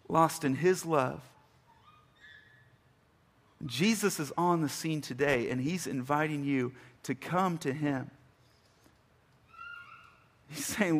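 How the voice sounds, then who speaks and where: A man preaching a sermon, emphatic, rising to loud bursts and reading scripture slowly and deliberately. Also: on the high side. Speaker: pastor.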